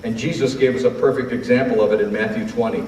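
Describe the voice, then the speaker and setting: A male preacher delivering a sermon, moving between hushed asides and loud, rising passages. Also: mid-range voice, fairly even intonation, fast talker, slight background noise. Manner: swings from hushed to loud shouting when retelling scripture. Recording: roomy hall from a distance, faint ambience.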